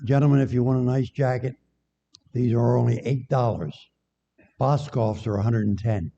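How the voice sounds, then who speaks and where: This older guest preacher speaks at medium pitch and moderate pace, with vocal fry and a dark tone. In the sanctuary he delivers a chatty, humorous, folksy sermon and banters with the congregation, recorded dull and echoey.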